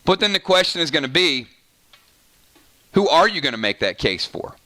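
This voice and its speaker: A man hosts a casual livestream, reading viewer comments aloud and bouncing between quick asides. His voice sits a little high and sounds bright and forward. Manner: chatty and animated, quick asides, frequent "right?". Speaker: host of a gaming channel livestream.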